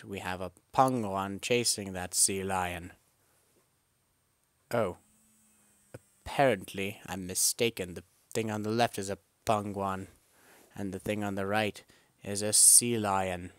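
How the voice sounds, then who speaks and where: A man giving a joking, deadpan voice-over about silly animals. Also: fairly low pitch, slow, long pauses, smooth, dry recording. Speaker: video narrator. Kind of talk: comedic voice-over commentary.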